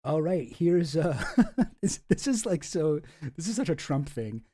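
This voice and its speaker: A man's voice: fairly high pitch, big pitch swings, measured pace, warm tone. A man giving casual, sarcastic commentary on photos, rambling and swearing freely. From Canada. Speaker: online commentator.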